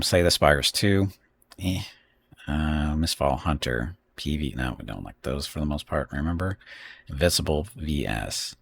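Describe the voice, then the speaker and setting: A man's voice: a bass voice, creaky, a bit bright, slight background noise. A middle-aged man streaming live, rambling through a games list with opinionated asides to chat. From United States. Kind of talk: casual live-stream commentary.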